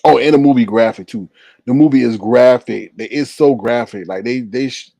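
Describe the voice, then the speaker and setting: A man at a mid pitch, hosting a casual livestream and reading out viewer comments. He is an animated storyteller who laughs often and acts out scenes in high voices. The sound is dry and close, with no room echo. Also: moderate pace, vocal fry.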